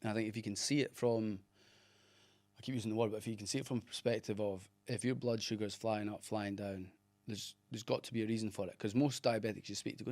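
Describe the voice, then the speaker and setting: Animated male guest, dry sound. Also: fairly low pitch, fast talker, no room sound. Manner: animated storyteller, laughs often. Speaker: guest actor. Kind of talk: casual chat.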